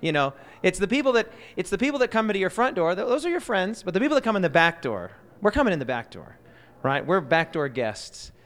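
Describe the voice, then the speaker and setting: Man, high voice, church Bible lesson teacher, lively, quizzes the group, long hall reverb. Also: fast talker.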